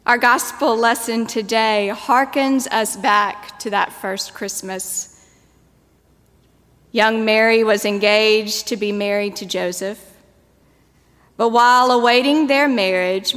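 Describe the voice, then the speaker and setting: A woman preacher delivering a sermon in a measured, storytelling manner. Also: fairly high pitch, fairly bright tone. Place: church. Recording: long church reverb.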